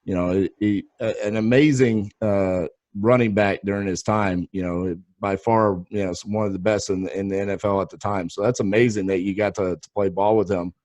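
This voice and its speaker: A man hosting a casual interview, asking relaxed, chatty questions with lots of fillers. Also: lowish voice, normal speed, hardly any pauses, no echo. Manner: relaxed, chatty questions full of "you know". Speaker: podcast host.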